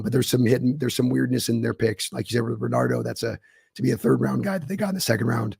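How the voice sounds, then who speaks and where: A man co-hosting a casual podcast chat, his voice going hoarse, talking confidently through his analysis with filler ums. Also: medium pitch, a little mellow, no echo, studio quality. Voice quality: gravelly, husky. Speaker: co-host.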